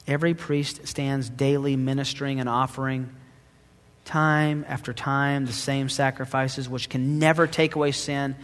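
A male pastor preaching a sermon, dramatic, swinging between loud emphasis and hushed asides. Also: mid-range voice, flat delivery, unhurried, in a large hall.

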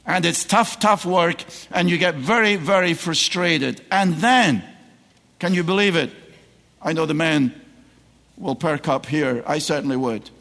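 A man's voice: fairly high pitch, a little slow, gravelly, a bit bright. A middle-aged man from Scotland with a Scottish accent, a guest preacher giving a sermon that moves from joking asides to emphatic preaching. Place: large church sanctuary. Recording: long church hall reverb.

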